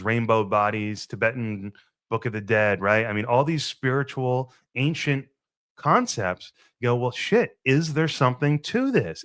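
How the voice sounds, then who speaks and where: A man's voice: on the low side, fairly bright tone, dry recording. A man hosting his own podcast, musing and rambling in a casual solo monologue and swearing freely. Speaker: podcast host.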